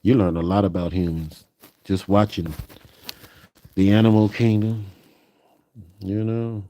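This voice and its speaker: Man, live-stream chat, rambling, unhurried, dark mellow tone. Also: fairly low pitch, little pitch movement. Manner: rambling, musing, peppered with "you know".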